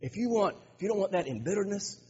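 Male pastor, sermon delivery, high husky voice, emphatic with stumbling restarts; lo-fi church hall recording. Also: animated, very fast, dark tone. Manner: emphatic, repeats words and restarts phrases. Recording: dull lo-fi recording with long hall reverb.

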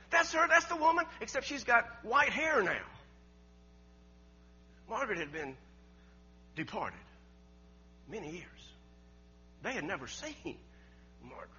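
A middle-aged man, preaching a storytelling sermon. He talks in a folksy way, repeats words, laughs often, and swings from loud to hushed. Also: on the high side, lo-fi sound, slight background noise. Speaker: pastor.

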